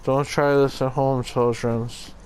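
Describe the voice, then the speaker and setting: A man's voice: medium pitch, little pitch movement, takes it slowly, darkish tone, a little hiss or hum, rough recording. Irreverent man joking through gameplay. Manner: joking, irreverent, swears casually. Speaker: gaming channel host. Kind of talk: let's play commentary.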